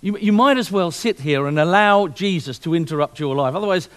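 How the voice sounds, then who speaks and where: A man's voice: sits high, brisk, clean tone. A man preaching a sermon, opening with a comic story and acting out its characters before turning to his point. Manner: storytelling, animated, puts on voices for shop owner. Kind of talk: sermon with a told joke.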